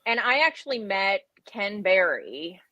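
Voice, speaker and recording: Chatty woman with a bright, lo-fi voice. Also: mid-range voice, very animated, measured pace, no room sound. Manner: chatty, laughs often. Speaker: guest, keto author and podcaster. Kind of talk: casual livestream interview.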